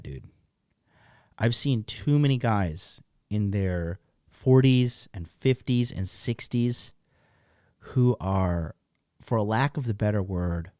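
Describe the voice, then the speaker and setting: A man's voice: fairly low pitch, darkish tone, no echo, clean studio sound. A man hosting a dating channel, ranting bluntly in a casual rambling way with lots of swearing. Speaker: dating coach host. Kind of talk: casual profane rant to camera. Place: seated at a desk, indoors.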